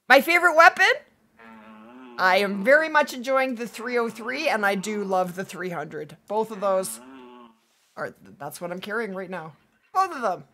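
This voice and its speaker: A woman hosting a hunting-game livestream, chatting casually with viewers and reading their messages aloud, her voice going hoarse from days of streaming. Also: medium pitch, expressive, pushed and bright. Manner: upbeat, chatty, reads chat aloud, quick to laugh. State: losing her voice. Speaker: livestream gaming host. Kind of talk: casual livestream chat while playing.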